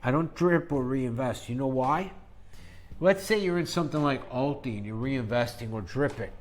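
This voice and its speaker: A man with a slightly high voice delivers an angry, profane investing rant on his own channel, swinging between calm explanation and shouting. His voice is worn and hoarse from talking, and faint music plays underneath. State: losing his voice. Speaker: investing YouTuber. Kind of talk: angry ranting monologue.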